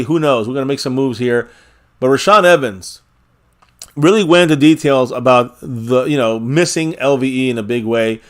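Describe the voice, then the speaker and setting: A man hosting a fan live stream, chatting casually and reading viewer comments aloud with bursts of energy. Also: mid-range voice. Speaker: fan livestream host.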